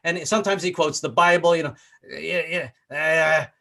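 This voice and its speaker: A man's voice: fairly high pitch, fast talker, fairly bright tone. A man from the American South doing a live-streamed stand-up set from his apartment, stammering through restarts. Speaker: stand-up comedian.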